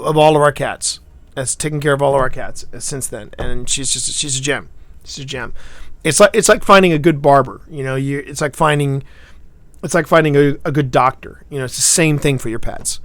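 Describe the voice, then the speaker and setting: Fairly high in pitch and recorded without echo, a male livestream host rambles through a story while chatting casually. He swings from loud to hushed and restarts in halting fashion.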